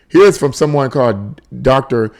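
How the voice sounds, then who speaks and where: A man's voice: medium pitch, animated, measured pace, a little mellow. Exasperated man reading tweets aloud. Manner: exasperated, incredulous, repeats phrases. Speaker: political commentary host.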